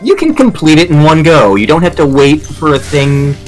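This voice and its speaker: A man's voice: fairly high pitch, big pitch swings, moderate pace, faint music behind. A young man giving casual, rambling game commentary with jokes, co-hosting a stream. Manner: rambling, joking, laughs often.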